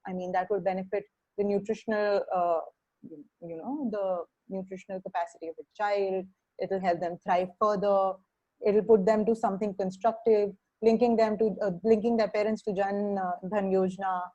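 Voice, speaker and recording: A woman's voice: mid-range voice, mellow, rough recording. Hesitant Indian woman giving a webinar talk. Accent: Indian English. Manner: halting, many fillers and restarts. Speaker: webinar speaker, criminal justice social worker.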